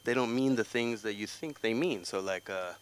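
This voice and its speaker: A middle-aged man doing a stand-up set at a comedy open mic, telling stories and jumping into high voices for other people. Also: normal speed, clean tone. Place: comedy club stage.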